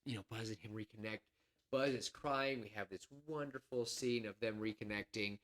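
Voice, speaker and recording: At a normal speed and with a slightly bright voice, the man co-hosting the podcast talks casually about a film idea he's pitching. He's a little nervous, rambling and filling gaps with fillers and self-corrections.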